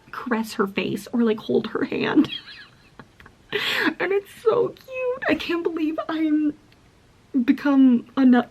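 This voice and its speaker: Giggly gushing young woman, breathy. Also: a little high. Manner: gushing, giggly, full of "like", drops into whispers. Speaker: book vlogger. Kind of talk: casual reading vlog chat.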